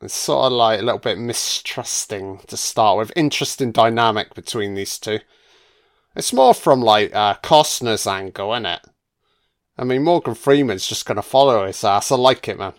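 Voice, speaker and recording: A man's voice: fairly low pitch, normal speed. A man giving casual, sardonic film commentary full of swearing and jokey asides.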